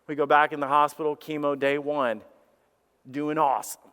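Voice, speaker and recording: A middle-aged man preaching a sermon, telling a personal story with animated restarts and acted-out quotes. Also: on the high side, moderate pace, clean tone. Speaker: pastor. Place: church sanctuary. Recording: reverberant church hall.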